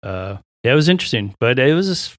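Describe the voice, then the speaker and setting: A man, a pilot and podcast guest, telling a long story in a casual, animated way, acting out the voices of others and often restarting his sentences. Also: mid-range voice, brisk, dry recording, clean studio sound. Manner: animated, acts out quoted voices, frequent restarts.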